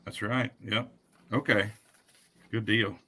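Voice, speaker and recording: Male host, casual folksy interviewer, low-pitched with a sharp bright tone. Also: steady tone, slow pace. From Kentucky area. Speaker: livestream host.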